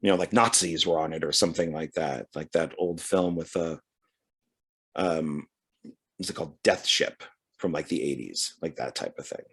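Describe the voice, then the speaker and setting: A man's voice: extremely low pitch, moderate pace, a bit bright, breathy edge. A man casually talking through his DVD purchases, reading back covers aloud and chatting as he goes. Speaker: DVD collection vlogger. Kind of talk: casual unboxing commentary.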